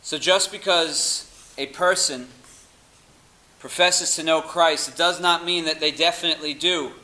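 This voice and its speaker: A man delivering a sermon in an emphatic preaching manner. His voice is bright and forceful, sitting slightly above the usual male pitch. He reads scripture aloud and presses his points hard. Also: steady tone, measured pace, low-quality recording. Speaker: pastor.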